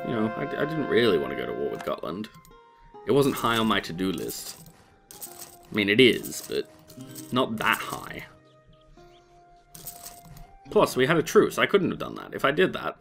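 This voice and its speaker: Low, animated male let's-play host, sarcastic and rambling, light music underneath. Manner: wry, rambling, sarcastic asides. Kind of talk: casual gameplay commentary.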